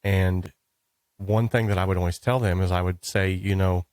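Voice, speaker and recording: A man hosting an interview, chatting casually and telling stories in an animated way, often saying "dude" and "like". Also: low voice, normal speed, clean tone, no room sound. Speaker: podcast host.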